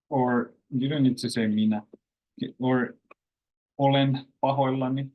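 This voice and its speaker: A Finnish-speaking man hosting a casual language lesson, explaining phrases slowly with lots of fillers and thinking aloud. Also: medium pitch, steady tone, narrow, tinny audio. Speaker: language course host.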